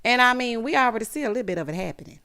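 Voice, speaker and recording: A woman in her thirties giving a sassy, animated recap of a reality show, calling her viewers honey and child. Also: fairly high pitch, racing. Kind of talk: casual recap commentary.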